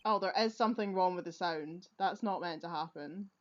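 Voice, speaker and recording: A woman's voice: lowish voice, normal speed, highs cut off. Swearing, laughing woman gaming host. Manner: loud, swearing, laughing outbursts. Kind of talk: let's play commentary.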